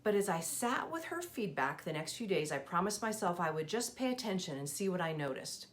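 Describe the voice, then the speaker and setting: A woman leadership coach hosting a scripted video lesson, telling a personal story in an expressive, clear and measured way. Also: on the low side.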